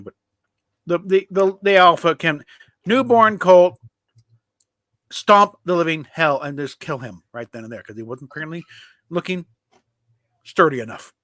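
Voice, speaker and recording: Rambling, halting man in casual chat. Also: a little high, a bit bright, no echo. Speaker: streamer's friend and co-host.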